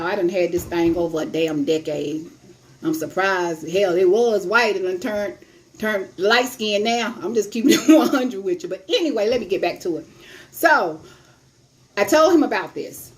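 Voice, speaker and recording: A woman's voice: mid-range voice, lively intonation, normal speed. A middle-aged woman hosting her own show, giving blunt advice on sex and relationships and retelling a story casually with quoted voices.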